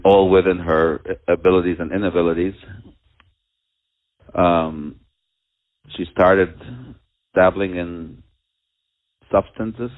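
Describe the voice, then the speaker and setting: A father telling a personal story at a community talk, halting and earnest, with many pauses and restarts. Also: low-pitched. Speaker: father telling of his daughter. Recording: tinny, phone-like narrow sound.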